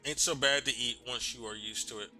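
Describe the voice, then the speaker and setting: A man voicing a pair of scrappy male bug roach keepers in a put-on Cockney accent, gruff and slangy, while reading game dialogue aloud. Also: mid-range voice, steady tone, fairly quick, sharp tone, faint music behind. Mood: gruff wary.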